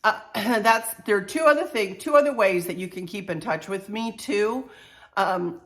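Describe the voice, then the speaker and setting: An older woman with a head cold, talking to camera about her home decor channel in an unhurried, heartfelt, chatty way. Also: medium pitch, a bit bright. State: stuffy-nosed with a cold. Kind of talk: casual heartfelt talk to camera.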